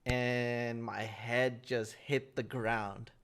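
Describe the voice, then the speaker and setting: A man's voice: medium pitch, little pitch movement, drawn-out words, fairly bright tone. A young man co-hosting a podcast, telling stories in a rambling, casual way full of fillers. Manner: rambling, filler-heavy storytelling. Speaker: podcast co-host. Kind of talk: casual chat.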